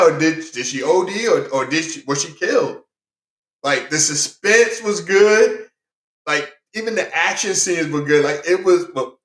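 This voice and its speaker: Man, slightly high voice, chatty reviewer who rambles, echoey room. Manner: rambling and excitable, many fillers and restarts. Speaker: movie reviewer. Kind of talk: casual movie review.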